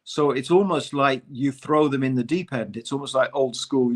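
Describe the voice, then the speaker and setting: A man's voice: mid-range voice, moderate pace, hardly any pauses. A man co-hosting a casual podcast discussion, talking animatedly with lots of fillers. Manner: conversational, animated, many "you know" fillers. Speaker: podcast co-host.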